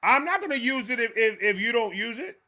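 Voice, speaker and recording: A young man of Dominican heritage, co-hosting a casual podcast chat with animated, profane, laughing banter. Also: very high-pitched, brisk.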